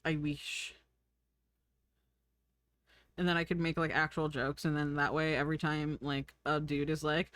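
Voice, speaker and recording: A woman's voice: low voice, fairly even intonation, normal speed, long pauses, no echo. A young woman streaming, chatting casually and giggling while she draws and reads chat. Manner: chatty, giggly, thinks aloud.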